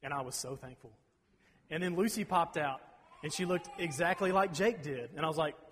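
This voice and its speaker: A man in his thirties preaching a sermon, folksy and rambling, clearing his throat between asides. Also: fairly high pitch, normal speed, a bit bright, a little hiss or hum. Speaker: pastor. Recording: reverberant hall.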